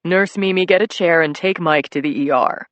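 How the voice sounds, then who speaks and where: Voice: medium pitch, moderate pace, a bit bright, no echo, highs cut off, lightly acted. A narrator voicing a stern male hospital doctor who gives firm, clipped commands.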